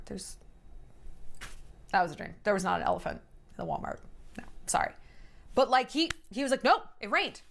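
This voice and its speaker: Emphatic, high-voiced woman venting. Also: big pitch swings, a little fast, gravelly, pauses often. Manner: emphatic, exasperated, acts out quotes. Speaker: TikTok storyteller. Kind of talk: casual venting storytelling.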